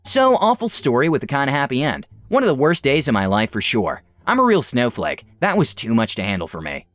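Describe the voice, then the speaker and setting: Young male story reader, expressive and animated, mid-pitched, dry close sound. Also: a little fast, no echo, soft background music. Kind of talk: reading online stories aloud.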